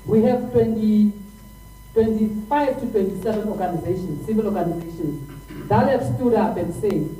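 A woman's voice: medium pitch, normal speed, warm tone, echoey room, far from the mic, a little hiss or hum, low-quality recording. A South African woman at a press briefing for civil organizations, speaking with emphatic passion and often repeating and restarting her words. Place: hot indoor press room.

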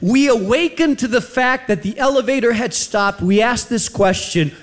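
American preacher guy, high voice, tells stories n acts out the lines. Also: moderate pace. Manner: animated, acts out quoted voices. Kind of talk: sermon storytelling.

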